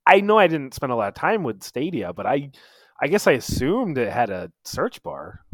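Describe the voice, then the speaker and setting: A man's voice: fairly high pitch, big pitch swings, normal speed, fairly bright tone, no echo. A man co-hosting a casual gaming podcast, laughing often and hesitating as his sentences fade out. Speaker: podcast co-host. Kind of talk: casual gaming news chat.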